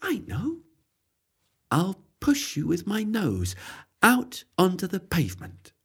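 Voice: extremely high pitch, huge pitch swings, normal speed, pitched above the performer's own voice, full character voice. A storyteller whispering as a kindly cat. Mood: helpful. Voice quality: hushed, breathy whisper. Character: kind gentle female cat.

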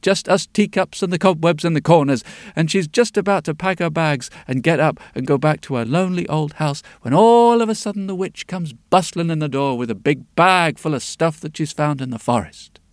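A man telling a folk tale in a rhythmic, lilting way, dropping to hushed tones at times. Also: fairly high pitch, expressive, normal speed, no room sound, clean studio sound. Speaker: storyteller.

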